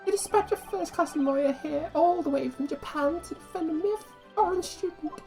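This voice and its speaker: A woman's voice: extremely high pitch, normal speed, vocal fry, a little mellow, faint music behind, voice pushed up. A woman voicing a shaky, fearful young male foreign student held as a prisoner, speaking in a British accent with trembling, flowery phrasing. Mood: effusive. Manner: trembling, paranoid, florid.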